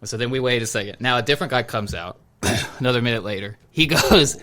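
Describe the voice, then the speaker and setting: Casual male podcast host, bright edge to the voice, animated storyteller. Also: medium pitch, quick pace. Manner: animated storytelling, acts out quoted exchanges; says "dude" and "bro" a lot. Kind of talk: casual chat.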